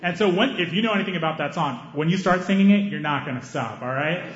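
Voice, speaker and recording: A man performing a stand-up set on stage with a handheld mic, animated and acting out scenes, breaking into high excited yelps. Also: fast talker, slight background noise. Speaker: stand-up comedian. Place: comedy stage before a live audience. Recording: roomy, slightly dull live recording.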